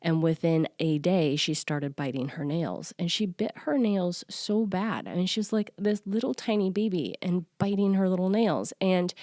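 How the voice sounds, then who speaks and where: A woman in her forties, a self-worth coach, talking to listeners in an earnest, confiding way with soft laughs. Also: lowish voice, no room sound, studio quality. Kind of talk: personal solo podcast talk.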